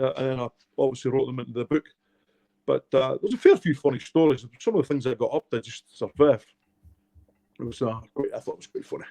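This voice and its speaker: A man's voice: mid-range voice, dark tone. A middle-aged Scottish man, an author being interviewed, telling his life stories in a heartfelt, emotional way. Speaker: author guest. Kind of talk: candid storytelling interview.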